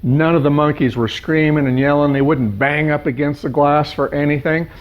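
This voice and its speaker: A male life coach with a fairly high voice tells a parable, animated and fond of stacking up lists. The recording is dull and lo-fi. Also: moderate pace. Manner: animated, piling up lists of words. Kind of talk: storytelling in a coaching session. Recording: dull lo-fi sound.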